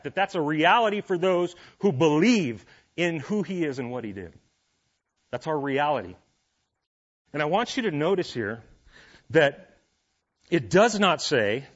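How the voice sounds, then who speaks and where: A man's voice: a little high, breathy edge, dull audio. A male pastor preaching a sermon in a conversational way, his voice rising and falling with feeling as he asks the congregation questions.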